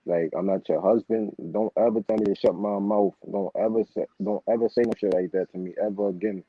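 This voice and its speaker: His voice is on the low side and husky, and he talks fairly quickly. This young man recounts a run-in with his boss in profane, casual chat, acting out the heated exchange with quoted outbursts. The sound is dull and lo-fi.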